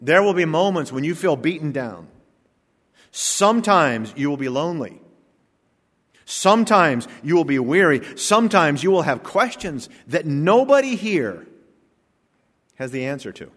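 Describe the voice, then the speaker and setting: A man's voice: fairly high pitch, very animated, a little slow, long pauses. Emphatic male pastor in a reverberant hall. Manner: emphatic preaching with rhetorical questions and big swings in loudness. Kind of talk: sermon. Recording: long reverb of a large hall.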